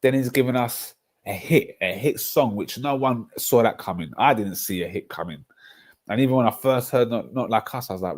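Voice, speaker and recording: Young guy, lowish voice, loose slangy livestream chat. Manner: rambling, animated storytelling with slang. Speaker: livestream host.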